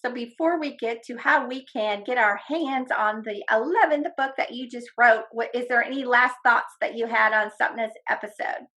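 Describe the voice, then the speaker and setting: Woman podcast host, warm and enthusiastic, higher-pitched voice. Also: moderate pace, hardly any pauses. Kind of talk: casual podcast chat.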